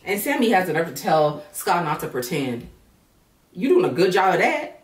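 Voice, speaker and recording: A woman tears into a reality show in a blunt, profane, animated rant, swearing freely. She sits back from the mic, and the room echoes around her. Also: fairly low pitch, normal speed, far from the mic. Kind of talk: casual rant.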